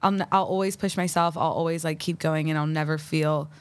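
A young adult woman speaking as a guest in a casual interview, chatty and quick to laugh, with many fillers. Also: low voice, fairly even intonation, no echo. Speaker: podcast guest.

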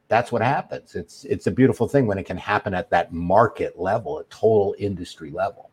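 Low-voiced middle-aged man explaining steadily. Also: a little fast, hardly any pauses, husky. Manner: steady, explanatory, uses everyday examples. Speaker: guest expert on master data. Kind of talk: conversational interview explanation.

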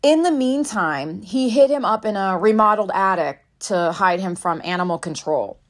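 A woman's voice: mid-range voice, animated, normal speed. A woman in her thirties, a mother telling a parenting story in a candid, reflective way, swearing now and then. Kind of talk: casual storytelling monologue.

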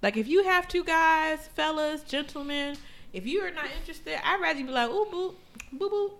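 A woman co-hosting a casual chat, telling stories in a frank, profane, animated way. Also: sits high, fairly quick. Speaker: podcast co-host.

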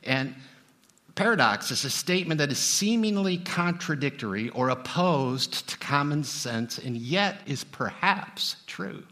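Bright-voiced man preaching casually. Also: a little high, animated, unhurried. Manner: conversational, humorous asides to the congregation. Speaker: pastor. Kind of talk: sermon.

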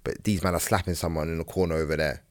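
A man's voice: low-pitched, fast, no echo. A man, co-hosting a podcast in casual chat, telling stories full of slang and acted-out quotes. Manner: London slang, animated storytelling with quoted voices. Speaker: podcast co-host.

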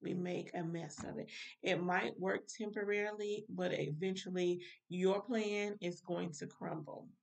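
A woman's voice: fairly low pitch, fairly even intonation, unhurried, creaky, distant mic. A woman minister giving a casual Bible study talk, speaking straight to her listeners. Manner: informal, direct address to listeners.

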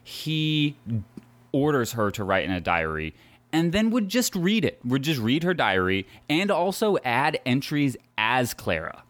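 A man's voice: medium pitch, very animated, unhurried, a bit bright, dry recording. A man hosting a podcast, casually retelling a history story with lots of fillers and asides. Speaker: podcast host.

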